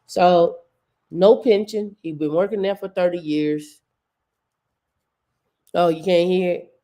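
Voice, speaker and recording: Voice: mid-range voice, steady tone, slow, warm tone. A show host giving loose, chatty livestream commentary with casual slang.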